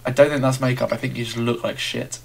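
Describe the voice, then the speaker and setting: A man's voice: mid-range voice, level tone, quick pace, creaky, slightly rough. A man giving joking, giggly gameplay commentary at his computer and reading game menus aloud. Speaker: let's play co-host.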